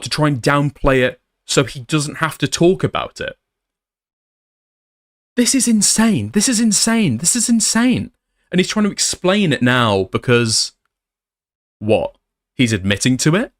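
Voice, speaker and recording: A young man reacts in disbelief as he reads messages aloud for his commentary video. His pitch jumps all over when he gets worked up, and he swears freely. The sound is close and dry, with no room around it. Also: dry recording. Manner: exasperated, incredulous, swears often. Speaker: commentary YouTuber.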